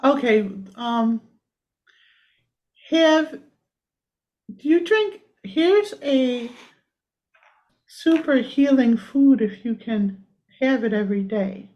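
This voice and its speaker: Brief: woman healer, high voice, unhurried, sings soft repeated lines, dull lo-fi sound. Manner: soft, slow singing of simple repeated lines, quick chatty speech between. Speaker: energy healer. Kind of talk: private healing session with gentle singing. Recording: dull lo-fi audio.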